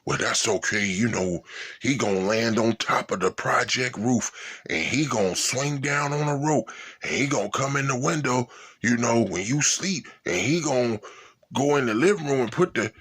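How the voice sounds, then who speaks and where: A man putting on the voice of a mother calmly reassuring her child. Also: mid-range voice, moderate pace, breathy edge. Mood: soothing.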